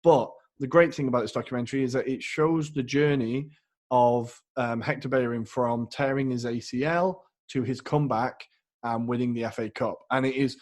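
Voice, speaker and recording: A podcast co-host with a medium-pitched, slightly mellow voice talks football casually. He rambles enthusiastically and pokes a bit of fun at himself.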